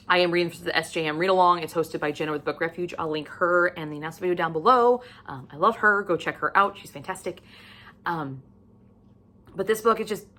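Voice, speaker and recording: Bright-voiced gushing woman book vlogger. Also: lowish voice. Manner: gushing and animated, with frequent swearing. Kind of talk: casual book review chat.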